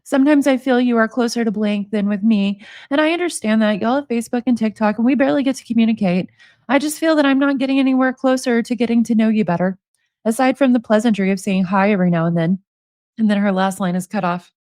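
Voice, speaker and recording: A woman's voice: a little high, fast, a little mellow, no room sound, studio quality. A woman in her forties reading prison emails aloud and commenting on them, amused and sarcastic, laughing often. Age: 40s.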